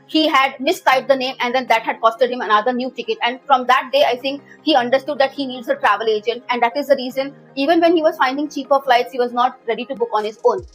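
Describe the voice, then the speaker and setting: A woman recounts a story from her work in travel sales, earnest and chatty, full of "you know" and "uh". Her voice sits high and bright, and faint music runs underneath. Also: fast talker, few pauses, poor audio. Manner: earnest, conversational, many fillers. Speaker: travel manager. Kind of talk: storytime narration.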